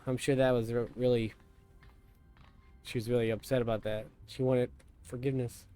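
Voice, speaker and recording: A man's voice: mid-range voice, flat delivery, moderate pace, pauses often, dark tone, smooth, soft background music. A man streaming a video game, making joking, crude casual comments over the cutscenes.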